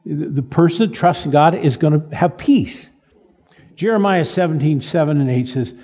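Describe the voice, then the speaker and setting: Older pastor in his 70s, husky mellow voice, stumbles and repeats himself, long church echo. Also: a little high. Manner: halting, repeats words, folksy and joking. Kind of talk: sermon. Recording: long reverb of a large hall.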